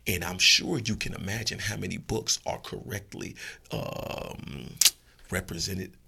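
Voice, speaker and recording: A man giving blunt, profane, animated opinions as a guest in a casual podcast chat. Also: low voice, measured pace, creaky, husky.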